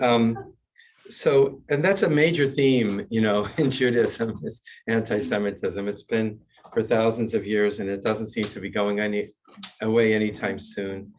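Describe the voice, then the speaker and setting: An older man teaching as a rabbi, chanting a warm-up and then telling jokes in a wry storyteller's way. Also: lowish voice. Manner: wry storyteller, chuckles at his own jokes. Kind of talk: class talk with joke-telling and chanting.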